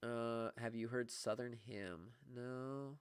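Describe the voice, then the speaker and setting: A young man, a music teacher, chats casually with viewers on a livestream. He is excitable and quick to laugh. His voice sits in a mid range and sounds dry and close. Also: mid-range voice, clean tone, dry recording. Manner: chatty, laughing, excitable about gifts. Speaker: music teacher streaming live.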